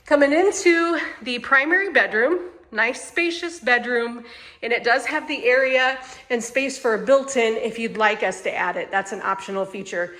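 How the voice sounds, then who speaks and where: A woman's voice: fairly high pitch, fairly bright tone. A woman with a Midwestern American accent giving a chatty, enthusiastic walkthrough of a home, indoors. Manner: chatty and enthusiastic, repeats phrases. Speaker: manufactured home sales host. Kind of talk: casual walkthrough home tour.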